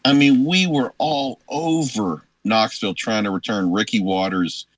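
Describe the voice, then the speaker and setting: A man on a sports radio show as a guest, telling old stories in a rambling, halting way. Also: on the low side, no room sound, rough recording. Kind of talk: casual chat, recruiting stories.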